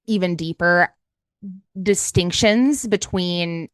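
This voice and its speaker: A woman's voice: on the low side, slow, clear, resonant tone, no room sound, studio quality. A woman with an Appalachian accent hosting a casual podcast interview, talking things through thoughtfully. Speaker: podcast host.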